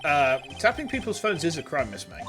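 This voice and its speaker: A man's voice: a little high, huge pitch swings, brisk, music in the background. An English man voicing a young male lawyer in a video game, with dry, exasperated asides.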